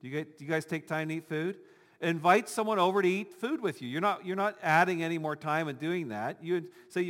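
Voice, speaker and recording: A man's voice: a little high, fast, a bit bright, in a large hall. A male pastor giving a conversational sermon with touches of humor, acting out imagined voices of the congregation.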